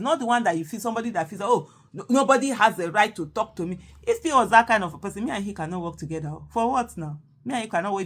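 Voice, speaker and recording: A Nigerian woman talks in a loose, animated monologue. She repeats herself for emphasis and drops Pidgin phrases into her English. Her voice sits at a middle pitch for a woman. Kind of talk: casual monologue.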